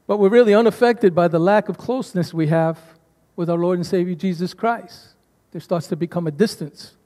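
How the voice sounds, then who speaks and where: A man's voice: high voice, brisk, mellow. A man preaching a sermon as pastor to his congregation, calling for responses from them. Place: church sanctuary. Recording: long church reverb.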